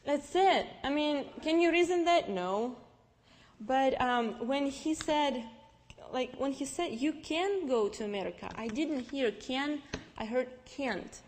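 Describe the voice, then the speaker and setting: A young woman with a Russian accent, Russian-speaking by birth, telling her personal faith story to an audience in a lively, storytelling way. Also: high voice, slow pace. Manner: lively storytelling with restarts and acted-out dialogue. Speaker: speaker giving testimony. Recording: long reverb from a large hall.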